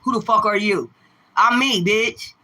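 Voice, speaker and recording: Speaking a little slowly in a mid-range voice that sounds pushed and bright, a tarot reader livestreams a rant to her viewers. She is profane and confrontational, firing the same rhetorical questions over and over.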